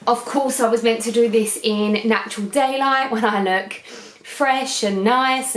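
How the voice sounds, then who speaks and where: A beauty vlogger in her twenties, with a fairly high voice, chats casually from her living room sofa at night under harsh light. She rambles and keeps wandering off topic, and the echoey room carries slight background noise.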